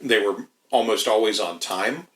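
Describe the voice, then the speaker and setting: Low-voiced guy rambling and cussing on a podcast, lots of restarts, roomy echo. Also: moderate pace, a bit bright. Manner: rambling, profane, many restarts. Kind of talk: casual podcast chat.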